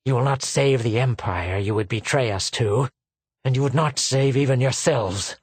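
A man's voice: expressive, slow pace, husky, dry recording, studio quality. A man reading aloud, voicing a bitter, cornered male secretary who speaks shrilly. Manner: shrill, bitter, passion-choked.

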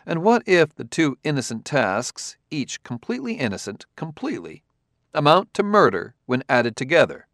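A man's voice: a little high, big pitch swings, moderate pace, a bit bright, dry recording, clean studio sound, pitched above the performer's own voice. A man voicing an insistent adult male detective who presses his questions methodically, read as an audiobook character.

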